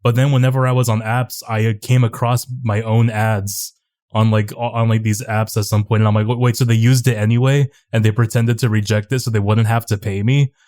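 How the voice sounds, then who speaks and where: A man's voice: lowish voice, little pitch movement, brisk, a little mellow. A man guesting on a podcast, telling rambling stories in casual chat, full of "like" fillers. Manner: rambling storyteller, many "like" fillers.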